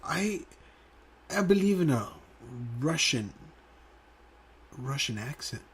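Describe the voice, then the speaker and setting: Male co-host, husky, fairly high voice, joking interjections. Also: very animated, slow, a bit bright. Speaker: podcast co-host. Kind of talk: casual podcast chat.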